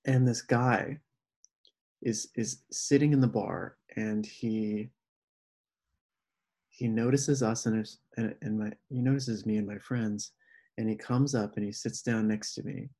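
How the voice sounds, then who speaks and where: A man's voice: on the low side, unhurried. A man telling a personal story in casual conversation, acting out the people he quotes with animation. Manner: animated, acts out quoted voices. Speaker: podcast guest.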